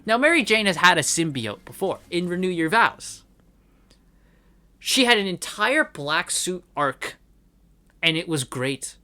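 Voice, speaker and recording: A man's voice: high-pitched, expressive, measured pace, gravelly, pushed and bright. A man reviewing comics in an angry, profane rant, repeating his points for emphasis. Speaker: comic book commentator. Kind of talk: ranting review.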